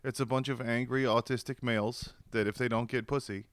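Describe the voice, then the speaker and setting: Guy cracking crude deadpan jokes, mid-pitch, dry close sound. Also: a little fast, dry recording. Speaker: co-host. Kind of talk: casual comedic chat.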